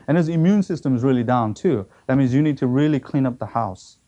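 A man's voice: medium pitch, expressive, a little fast, warm tone, muffled recording. A man preaching a sermon, telling a story with acted quotes and emphatic repetition.

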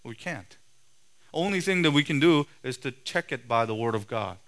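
Man, preacher, emphatic sermon delivery, medium pitch. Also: lively intonation, moderate pace. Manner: forceful, emphatic preaching with sharp rises and drops in loudness.

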